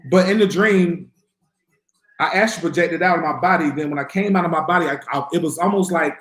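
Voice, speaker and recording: High-voiced guy on a livestream, cussing a lot and acting out his stories, echoey room. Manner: profane, animated storytelling with voiced quotes. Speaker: livestream host answering viewer questions. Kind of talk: casual livestream talk.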